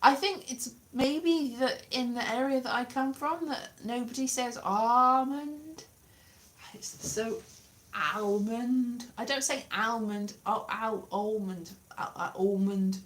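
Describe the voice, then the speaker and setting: A woman's voice: on the high side, measured pace, a bit bright. Rambling woman chatting casually. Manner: rambling, self-deprecating, wandering off topic. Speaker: livestreamer.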